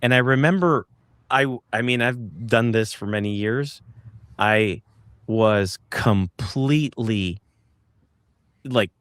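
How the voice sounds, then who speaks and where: A man tells his story slowly and deliberately as an interview guest, stopping often to hunt for the right word and restarting his sentences. His voice sounds close and dry, with no room around it. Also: lowish voice, fairly bright tone, dry recording. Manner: halting, searching for words with many restarts. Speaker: interview guest recounting a sighting.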